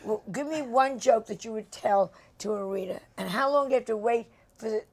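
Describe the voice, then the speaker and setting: An older woman who runs the interview with brash, needling humor. Her voice sits fairly high for a woman, and she fires off quick jokes at her guest. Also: vocal fry. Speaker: talk show host. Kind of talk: casual interview chat. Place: bedroom set.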